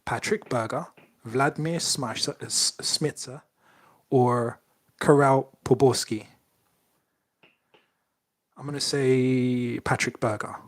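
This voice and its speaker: Male podcast co-host, casual and playful, reads quiz questions in a middle-pitched voice. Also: fairly even intonation, slow pace, long pauses. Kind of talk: casual chat.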